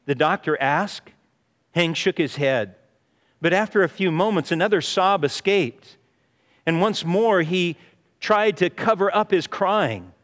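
Slow, high-voiced preacher in a hall. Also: male voice, a bit bright. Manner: earnest storytelling, often says "you see". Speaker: pastor. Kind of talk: sermon. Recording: reverberant hall.

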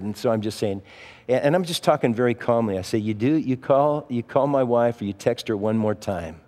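Man, pastor, sermon, conversational preaching, mid-pitched voice, long hall reverb. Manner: conversational preaching with personal anecdotes and restarts.

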